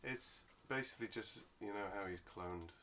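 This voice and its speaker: A man's voice: on the low side, moderate pace, crowd noise. A man co-hosting a casual podcast, teasing the others and explaining at length. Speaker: podcast co-host. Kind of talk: casual chat.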